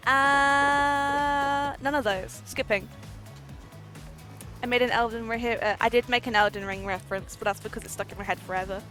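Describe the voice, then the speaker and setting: A woman streams herself playing a dating game, reading the characters' lines aloud in a slightly high voice. She reacts with giggles and tries out goofy as she goes. Soft game music plays faintly behind her. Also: normal speed. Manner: giggly, excitable, trying out silly accents.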